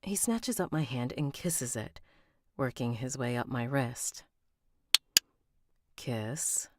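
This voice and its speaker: Woman narrating a book on a live stream, very low voice, slow pace, dry close mic, chats and redoes lines. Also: darkish tone, dry recording. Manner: reads aloud, breaks off to chat and redo lines. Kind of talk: live-streamed audiobook reading.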